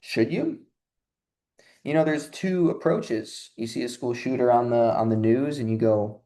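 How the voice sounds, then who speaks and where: A man's voice: mid-range voice, measured pace, dark tone. A young man giving a casual motivational talk, chatty and conversational, often acting out quoted inner voices. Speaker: self-help speaker.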